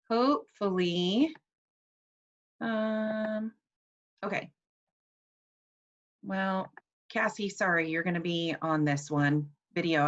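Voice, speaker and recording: A woman's voice: medium pitch, a bit bright, highs cut off. A woman in her forties teaching a casual online class, chatty and personal with plenty of fillers. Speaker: essential oils class teacher.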